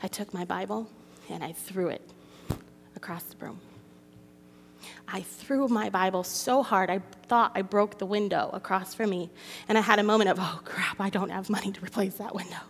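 Woman speaker, confessional testimony sermon, mid pitch, long hall reverb. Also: steady tone, normal speed, slight background noise. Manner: emotional, confessional, reads scripture aloud. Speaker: women's ministry speaker.

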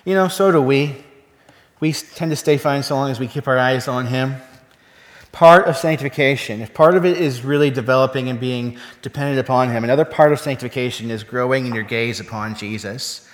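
A pastor preaches a sermon conversationally, often posing rhetorical questions to his listeners. His voice is mid-range and brisk, and the recording has the long reverb of a hall.

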